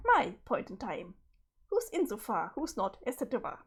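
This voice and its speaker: A woman's voice: a little high, sing-song, brisk, breathy edge, full character voice. A woman voicing a hot-tempered, foul-mouthed teenage troll boy leader while reading a webcomic aloud, with a sarcastic, swearing rant. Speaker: streamer.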